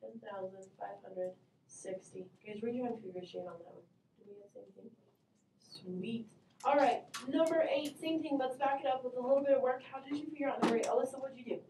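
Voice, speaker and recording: A woman's voice: fairly high pitch, a little fast. Upbeat woman teaching a roomy classroom. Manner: upbeat, calls on students and quizzes the class. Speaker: math teacher. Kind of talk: classroom instruction. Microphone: distant camera mic. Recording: roomy classroom, voice from far off, faint hum.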